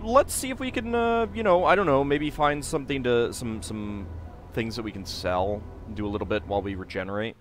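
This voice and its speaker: A man's voice: medium pitch, slight background noise. Rambling man doing game commentary. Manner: rambling, halting, full of restarts. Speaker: game streamer. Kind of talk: casual let's play commentary.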